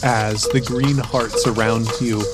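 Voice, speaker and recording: A man running a tabletop game as game master, describing scenes in slow, drawn-out narration. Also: mid-range voice, fairly even intonation, over loud music.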